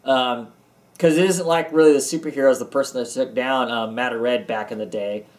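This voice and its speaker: A man's voice: mid-range voice, fairly even intonation, fairly quick. A tired man giving a casual, rambling comic book review from his home basement, with many ums and restarts. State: tired, yawning.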